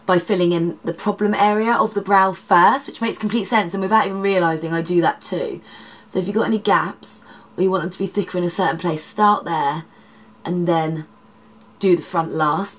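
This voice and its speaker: A congested woman talks through a makeup tutorial, her voice nasal and a little husky. She chats casually, wandering into asides, and sits a touch low in pitch for a woman. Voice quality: slightly husky, dodgy voice. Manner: chatty, rambling asides. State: congested, nasal from hay fever. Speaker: makeup artist.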